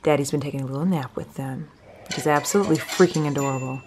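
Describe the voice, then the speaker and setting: A young woman vlogger with a low-pitched voice talks fast to her camera at home indoors for a family vlog, with music playing underneath and a very noisy background. She's chatty and slangy, switching into baby talk with the infants.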